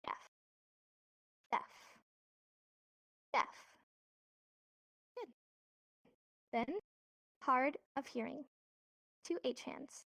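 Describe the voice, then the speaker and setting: A woman's voice: sits high, very slow, pauses often, a bit bright, no echo, clean studio sound. A woman teaching a sign language class, patiently repeating each word and explaining each hand motion step by step. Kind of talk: instructional lesson. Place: virtual reality social space.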